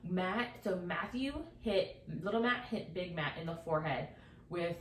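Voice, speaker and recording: A young mother chatting casually, an animated storyteller who swears freely and talks in fillers. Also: on the low side, unhurried. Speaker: mom and podcast co-host. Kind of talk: casual chat. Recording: echoey room, far from mic, faint hiss.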